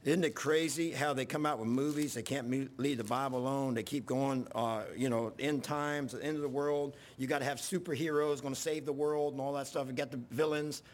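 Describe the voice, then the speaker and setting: A male pastor preaching a sermon in a church, telling folksy stories and rising to yelling when worked up. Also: mid-range voice, steady tone, brisk, hardly any pauses. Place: church sanctuary.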